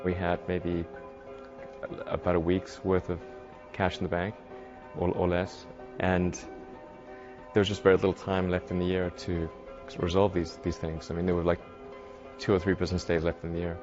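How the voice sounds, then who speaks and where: A man with a very deep, flat voice gives interview answers in a halting way, restarting his sentences often. The recording is dull and lo-fi, with faint music behind him.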